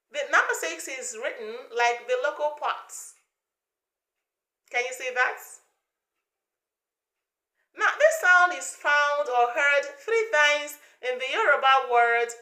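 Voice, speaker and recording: A woman leads an English pronunciation lesson, pacing herself slowly and drilling each vowel sound again and again. Her voice sits a little high and sounds bright. The room is echoey around her. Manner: slow, deliberate, repeats sounds for learners to copy. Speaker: pronunciation teacher.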